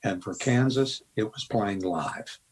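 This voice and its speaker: A man's voice: on the low side, expressive, measured pace, husky, rough recording. An older man from the American Midwest, a guest musician rambling through anecdotes full of quoted dialogue. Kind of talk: storytelling interview.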